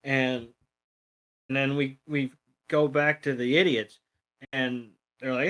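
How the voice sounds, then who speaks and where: A man's voice: medium pitch, level tone, slow pace, long pauses, fairly bright tone. A man co-hosting a podcast, retelling a cartoon episode in a casual, rambling way with many ums and uhs. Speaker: podcast co-host. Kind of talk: casual plot recap.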